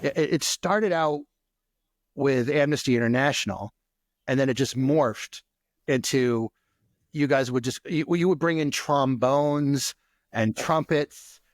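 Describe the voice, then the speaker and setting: Man reminiscing with halting fillers. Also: mid-range voice, no room sound, studio quality. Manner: hesitant, many fillers and restarts. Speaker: podcast co-host. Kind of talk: casual reminiscing chat.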